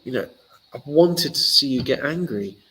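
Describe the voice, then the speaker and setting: A man's voice: medium pitch, lively intonation, normal speed, fairly bright tone, natural voice, rough recording. A man voicing a provoking visitor who pesters with silly questions in an overly polite way. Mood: needling.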